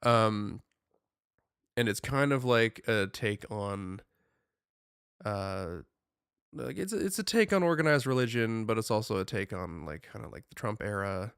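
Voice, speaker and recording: Rambling, animated young man. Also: fairly low pitch, a little slow, gravelly, clear, resonant tone, dry recording, clean studio sound. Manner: rambling, animated, many "like" fillers. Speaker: podcast co-host. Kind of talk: casual chat.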